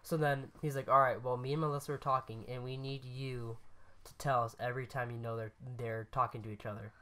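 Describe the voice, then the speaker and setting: His medium-pitched voice is steady, bright and forceful, and he speaks fairly quickly. As a podcast co-host in casual chat, he rambles through a story, corrects himself, and laughs at his own lines.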